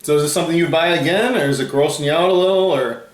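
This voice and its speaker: A man's voice: on the high side, very fast, reverberant. A man hosting a food tasting video in casual chat, explaining facts he reads off the packaging. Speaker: host of a food challenge channel.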